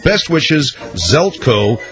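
A man's voice: very animated, drawn-out words, over music. A man hosting a radio show, reading listener mail aloud with sarcastic asides. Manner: wisecracking, sarcastic, drifts between pitches while reading letters.

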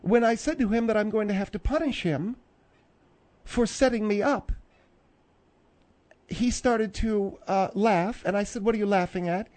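A man voicing a domineering, bossy woman who calls in to a radio show, snapping orders slowly and primly. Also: high voice, a little mellow, voice pushed up, lightly acted. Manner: commanding, slow and prim, snapping orders. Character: bossy domineering middle-aged woman caller, scolding. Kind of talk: comedic radio character acting.

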